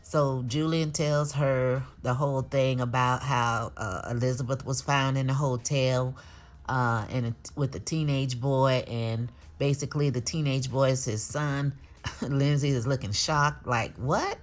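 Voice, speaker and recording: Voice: mid-range voice, fairly even intonation, a little slow. A speaker casually recapping a TV episode, retelling scenes by quoting the characters, chuckling often and adding blunt opinions. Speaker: TV show recapper.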